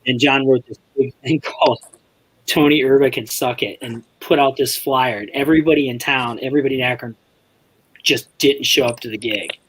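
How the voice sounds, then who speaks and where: A man's voice: mid-range voice, fairly even intonation, moderate pace, a bit bright, breathy edge, poor audio. A man on a podcast, telling rambling, profane stories in casual chat and laughing as he goes. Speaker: podcast co-host. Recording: faint background noise.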